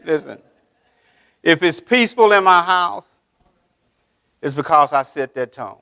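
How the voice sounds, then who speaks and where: A man's voice: on the high side, animated, unhurried, bright, forceful tone, clear, resonant tone. A man, a pastor, preaching a sermon. He speaks emphatically, repeats key phrases and keeps asking the congregation if they are with him. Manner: preaching with call-and-response questions to the congregation. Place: church sanctuary.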